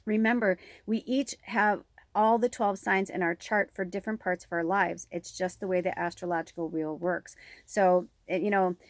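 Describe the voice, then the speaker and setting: A woman's voice: lowish voice, steady tone, normal speed, few pauses, no echo, studio quality. A middle-aged woman giving a casual spiritual card reading, chatty and frank, swearing now and then and acting out quarrels. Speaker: tarot reader.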